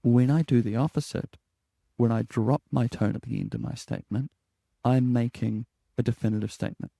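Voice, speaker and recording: A man, an HR coach and podcast host giving a calm, measured lesson with deliberate phrasing. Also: medium pitch, gravelly, no room sound, studio quality. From New Zealand.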